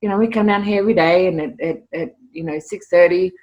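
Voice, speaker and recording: Woman, middle-aged interview guest, lower voice, animated stories, stumbling restarts. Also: quick pace, highs cut off. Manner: animated, repeats words when starting sentences. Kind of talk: casual storytelling interview.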